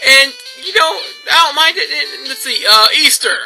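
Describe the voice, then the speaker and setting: A young man hosting a gameplay video, ranting sarcastically and mocking others in squeaky put-on voices. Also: expressive, moderate pace, vocal fry, pushed and bright, faint music behind, poor audio. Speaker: gaming video host.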